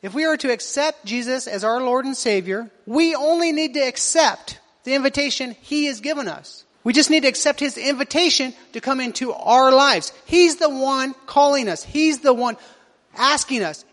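Preaching in a church hall whose long reverb carries every word, a male pastor keeps throwing rhetorical questions at the congregation. His voice is very high and a bit bright, delivered at a moderate pace.

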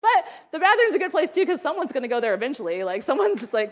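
A woman's voice: high-pitched, big pitch swings, fast. A middle-aged woman giving parenting advice in a casual talk, chatty, often laughing, and acting out how she scolds her kids. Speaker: mother and ministry wife giving parenting advice.

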